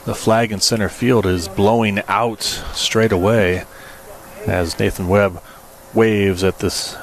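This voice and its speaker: A man calling baseball play-by-play, low and relaxed for stats, then climbing sharply in pitch and volume on big hits. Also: takes it slowly. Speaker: play-by-play announcer.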